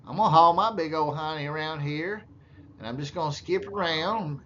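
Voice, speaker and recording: A sarcastic man with a drawl talks over meeting footage, crude and mocking. His voice sits a little high. The audio is dull and lo-fi, with a faint hiss underneath. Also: moderate pace, a bit bright. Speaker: commentator narrating meeting footage. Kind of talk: sarcastic running commentary.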